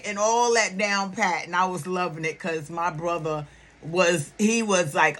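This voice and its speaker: A middle-aged woman talks straight to her viewers in a casual vlog. She is loud and blunt and swears freely. Grief over a loss shows at times in her voice. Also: fairly low pitch, steady tone, unhurried. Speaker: YouTube reality-TV commentator.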